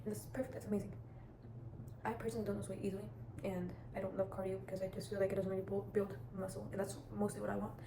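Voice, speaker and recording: Teen girl vlogger, flat delivery, rambling and chatty, echoey room with steady background noise. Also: medium pitch, rapid-fire. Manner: rambling, chatty, many restarts and "like" fillers. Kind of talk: casual advice vlog.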